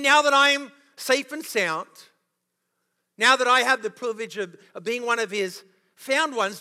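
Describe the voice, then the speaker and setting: A man's voice: very high voice, bright, forceful tone. A man preaching a sermon as pastor, passionate and full of rhetorical questions, with a touch of sarcasm. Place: church auditorium. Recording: long reverb of a large hall.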